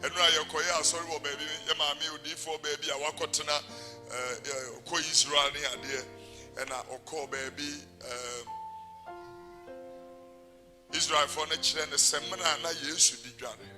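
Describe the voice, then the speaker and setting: Male pastor, high-pitched, sings and shouts through the sermon, faint music behind. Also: steady tone, normal speed. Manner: preaching that swings between singing and shouting.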